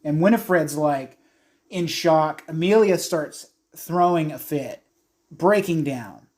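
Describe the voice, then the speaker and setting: Unhurried game master narrating horror. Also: male voice, a little high, darkish tone. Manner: descriptive, unhurried storytelling with fillers.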